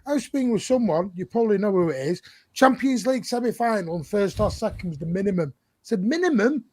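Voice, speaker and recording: A blunt, lively man holds forth on a football panel show. His voice sits high for a man. The sound is dry and close, with no room around it. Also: fast talker, dry recording. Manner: blunt, animated, laughs while talking. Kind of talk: casual panel chat.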